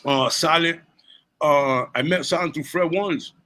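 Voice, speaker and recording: A rapper and DJ in his forties tells stories in a casual interview, his voice fairly high-pitched and a little slow on a rough recording. He's a profane, animated storyteller who swears freely and laughs between lines.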